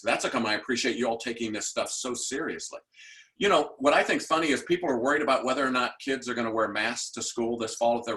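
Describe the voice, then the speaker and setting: An older man in his sixties with a bright, forceful voice gives a motivational talk on education. He tells anecdotes in an animated way and puts direct questions to the listeners. His voice sits at a middle pitch for a man. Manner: animated storyteller who acts out quoted voices; direct, asks the audience questions. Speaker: education speaker.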